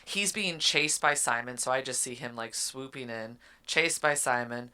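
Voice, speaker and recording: A woman's voice: rumbling low, moderate pace, sharp tone, clear, resonant tone. A woman co-hosting a book podcast, casually retelling a story and acting out the characters' lines. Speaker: podcast co-host. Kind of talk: casual book recap chat.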